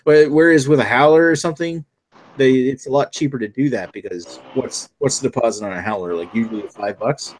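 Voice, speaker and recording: A beer podcast host from New Brunswick, Canada, leads a casual chat and reads the beer news, rambling along in a laid-back style with plenty of swearing. His mid-range voice is brisk, and the recording carries a little hiss or hum.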